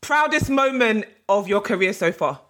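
A woman's voice: mid-range voice, expressive, normal speed, a bit bright. A woman hosting an interview, gushing and friendly, calling her guest "sis". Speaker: host. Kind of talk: casual interview chat.

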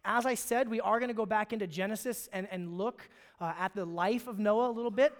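A man's voice: high voice, a little fast. A man from Alaska, a pastor, preaching a sermon in a conversational storytelling way, often restarting his phrases. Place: church sanctuary. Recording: long reverb of a hall.

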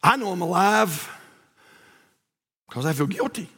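A man preaching a sermon in a church, swinging from hushed asides to shouted appeals. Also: high-pitched, expressive, a little slow, slightly rough, long reverb tail. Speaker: pastor. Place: church sanctuary.

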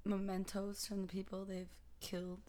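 A woman guest on a podcast, chiming in with wry, dark asides and frequent laughter in casual chat. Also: mid-range voice, completely flat delivery, moderate pace. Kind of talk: casual movie-review chat.

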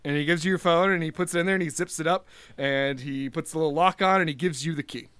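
A young man narrates a tabletop game as game master, loose and full of pauses. His voice sits high and bright, with a crisp, smooth sound. The recording is dry and close. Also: dry recording. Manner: casual, many fillers and restarts.

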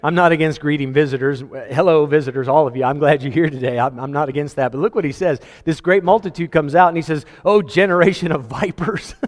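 A man's voice: a little high, fast talker, few pauses. Preaching man in a reverberant hall. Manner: animated preaching with quoted voices and laughs. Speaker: pastor. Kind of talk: sermon. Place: church sanctuary.

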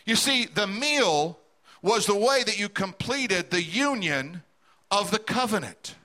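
Middle-aged male pastor, storytelling sermon, high bright voice. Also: animated, unhurried. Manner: storytelling preacher, acting out quoted voices.

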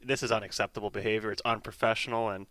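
A man's voice: fairly low pitch, little pitch movement, rapid-fire, bright, forceful tone, no room sound. A man in a comedy sketch, talking in a mock-offended, dramatic way and laughing between lines. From Canada.

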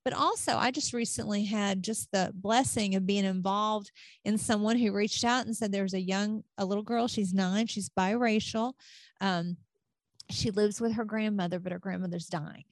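A woman's voice: mid-range voice, steady tone, normal speed, dry recording. Female interview host, conversational and rambling, mid voice, close and dry. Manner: chatty, many fillers and restarts.

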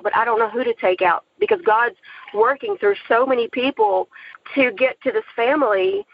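A woman giving an earnest, animated personal testimony about her faith, in a plain storytelling manner. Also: on the high side, breathy edge, muffled recording. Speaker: aspiring filmmaker telling her story.

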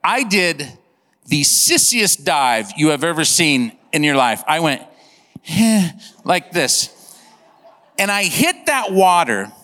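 A man preaching a sermon, telling a funny story in an animated, comic way and acting out sound effects. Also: on the high side, measured pace, big-room sound. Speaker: pastor. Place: church.

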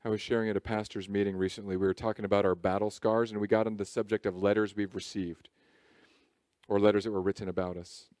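A man preaching a sermon as pastor, in a lively, conversational way with jokes. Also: fairly low pitch, fast talker, no room sound, clean studio sound. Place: church service.

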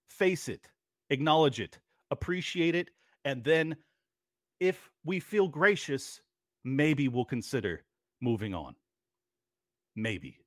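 A man rants furiously into the mic, swearing and mocking with sarcasm. His voice sits a little high for a man and sounds dry and close, with no room around it. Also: a bit bright, no room sound. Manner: ranting, profane, sarcastic. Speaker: podcast host. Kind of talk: angry political monologue.

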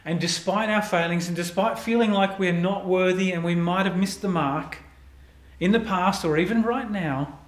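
Male pastor, preaching, earnest, soft prayerful drops, fairly high voice, roomy echo. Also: normal speed. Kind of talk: sermon.

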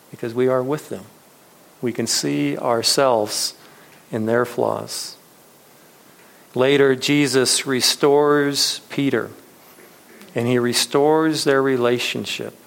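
Pastor guy preaching, gravelly voice, earnest and gentle. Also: medium pitch. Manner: earnest storytelling preacher, soft reflective closes. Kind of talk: sermon.

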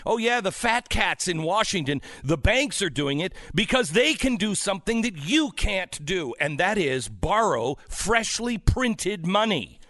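A man hosting a radio show, delivering a fervent, preachy political monologue that swings between shouting and hushed intensity. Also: high-pitched, big pitch swings, unhurried, hardly any pauses, no room sound, clean studio sound. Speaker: radio host.

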